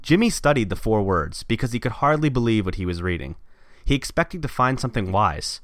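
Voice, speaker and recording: A man's voice: on the low side, lively intonation, a little fast, fairly bright tone, no room sound, studio quality. A man co-hosting a podcast, reading his own short story aloud and running it down. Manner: self-deprecating, laughs at himself. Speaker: podcast co-host.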